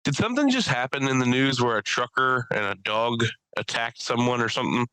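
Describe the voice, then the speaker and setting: A young podcast host and stand-up comic chats casually, rambling through comedy stories and swearing constantly. His mid-range voice is animated, brisk, clear and resonant, bursting loudly when he acts out people. There's no echo, though the recording is low quality.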